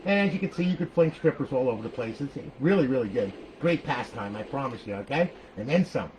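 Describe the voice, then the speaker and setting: An older man giving a loose, rambling walkthrough, forever checking in with "okay?" and "all right?" and cursing casually. His voice sits at an ordinary middle pitch. A faint hiss of noise runs underneath. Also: expressive, brisk, a little mellow, low-quality recording. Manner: rambling and chatty, peppers lines with "okay?" and "all right", swears. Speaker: console modder showing a build.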